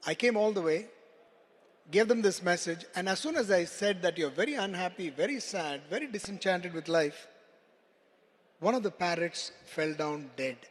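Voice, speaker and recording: A man voicing a gentle traveling merchant father in a told story, earnest and plain. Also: high voice, lively intonation, normal speed. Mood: somber. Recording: long hall reverb.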